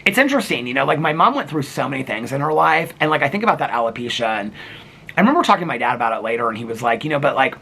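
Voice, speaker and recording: A man's voice: medium pitch, sing-song, racing, vocal fry, bright, forceful tone, a little hiss or hum. A man telling a personal story in a casual home vlog, seated in a chair with the camera on a table and rambling with many filler words. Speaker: vlogger.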